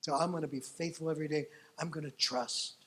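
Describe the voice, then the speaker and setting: Male pastor, sermon delivery, higher-pitched voice, animated storyteller who acts out lines. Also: quick pace. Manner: animated storytelling, acting out voices, rising to loud excitement.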